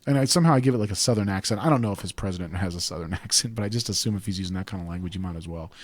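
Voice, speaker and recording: A man's voice: low voice, racing, no room sound. A man hosting a talk radio show, chatting casually and rambling into digressions.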